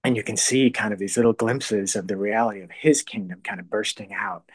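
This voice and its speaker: A man with a somewhat low voice talks through a faith topic in an unscripted, reflective way. He pauses, restarts and sometimes lets his voice sink almost to a whisper. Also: breathy edge. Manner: thoughtful, halting, often trails to a soft hush. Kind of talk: casual spoken reflection on faith.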